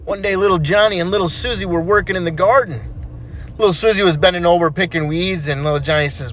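A man's voice: a little high, steady tone, brisk, fairly bright tone. A man telling dirty jokes, acting out the voices as a playful storyteller. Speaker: joke teller.

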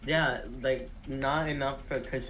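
A man's voice: mid-range voice, steady tone, a little slow, fairly bright tone, slight background noise. A man in a casual gaming voice chat, a player who keeps interrupting with jokes and disbelief. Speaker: player voicing a game character.

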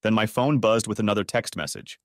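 A man narrating a first-person revenge story audiobook in an expressive, dramatic manner on a close mic. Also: lowish voice, brisk, dry recording.

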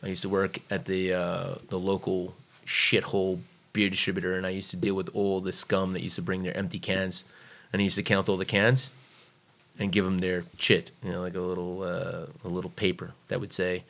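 Blunt, profane American man, low voice. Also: completely flat delivery, fairly quick, vocal fry, fairly bright tone. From United States. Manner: blunt, profane, emphatic, acts out quoted voices. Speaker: guest, former navy serviceman and trainer. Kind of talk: casual storytelling in a podcast interview.

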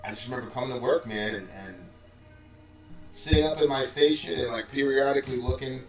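A man's voice: mid-range voice, brisk. A man telling a story in a casual, loose way, using "like" and "bro" constantly. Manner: loose, filler-heavy, says "like" and "bro" constantly. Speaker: former call center supervisor. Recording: roomy and distant from the mic, faint music.

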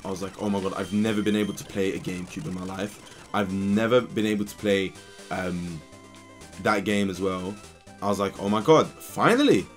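Young male let's-play host, low voice, excitable rambling delivery, soft music under. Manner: rambling and animated, quick bursts of excitement. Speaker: gaming channel host. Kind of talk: casual let's play storytelling.

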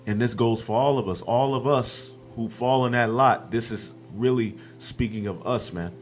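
Reading scripture aloud in his sermon, a man with a mid-range voice speaks at a moderate pace, punctuating his points with "man" and "okay." Faint music can be heard behind him.

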